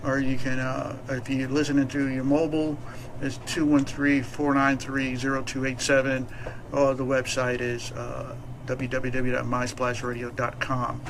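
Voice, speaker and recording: A man's voice: mid-range voice, completely flat delivery, normal speed, creaky, noisy background. A man hosting a talk radio show, chatting casually and playfully with many fillers and restarts.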